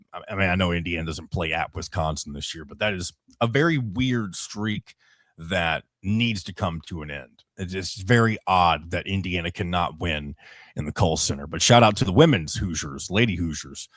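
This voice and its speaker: A man's voice: low-pitched, no room sound, clean studio sound. A young man hosting a solo sports podcast, running through scores casually with rambling asides and self-corrections.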